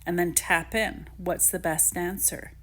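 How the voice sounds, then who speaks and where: A woman's voice: on the low side, little pitch movement, a little slow, fairly bright tone. A woman talking casually and encouragingly to viewers, giving spiritual advice about intuition. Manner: chatty, encouraging, addresses viewers directly. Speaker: spiritual teacher.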